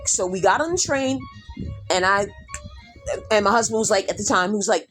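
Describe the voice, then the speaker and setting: A middle-aged woman hosting a podcast, telling a story loudly and animatedly, talking straight to her listeners and swearing casually. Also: medium pitch, fairly quick, soft background music. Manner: animated, loud, addresses listeners directly, swears. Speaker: podcast host.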